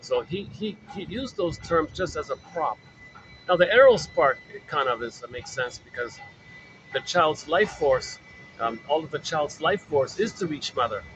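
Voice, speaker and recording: A man's voice: on the high side, expressive, normal speed, fairly bright tone, lo-fi sound, a little hiss or hum. A man giving an informal spoken lecture, explaining in a repetitive way with many fillers. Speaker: lecturer on psychoanalysis.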